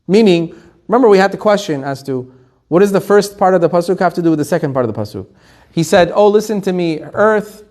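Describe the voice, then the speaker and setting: A man, a rabbi, teaching a Torah class, telling the story with lively, acted-out quotes. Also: high-pitched, quick pace. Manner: animated storytelling, acting out quotes.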